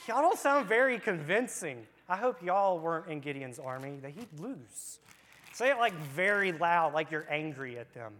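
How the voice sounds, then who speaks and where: A children's church leader teaches an interactive Bible lesson to children in a church room, reading scripture and joking around casually. His slightly high, somewhat bright voice has big pitch swings, moving at normal speed with hardly any pauses.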